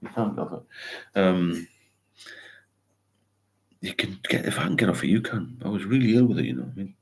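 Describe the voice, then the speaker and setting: The host of a sobriety livestream, an older man, chats casually and wanders from topic to topic as he reads viewers' comments and offers encouragement. His gravelly, low-pitched voice has lively intonation and moves fairly quickly.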